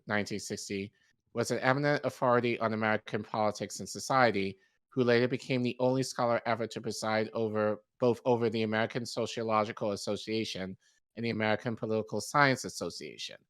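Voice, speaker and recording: A man's voice: mid-range voice, no echo. Man reading an article aloud, dry sound. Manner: steady reading with occasional stumbles and self-corrections. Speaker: podcast co-host.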